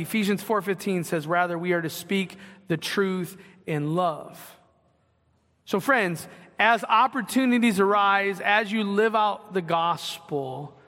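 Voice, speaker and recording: A man's voice: high-pitched, a bit bright. A man preaching a sermon in a church, earnest and conversational, often repeating his phrases for emphasis. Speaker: pastor. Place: church sanctuary. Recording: long hall reverb.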